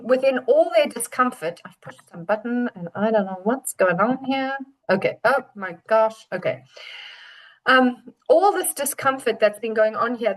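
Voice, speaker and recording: A woman's voice: on the high side, rough recording. Chatty woman astrologer, rambling forecast. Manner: chatty, rambling, warm storytelling. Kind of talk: casual forecast talk.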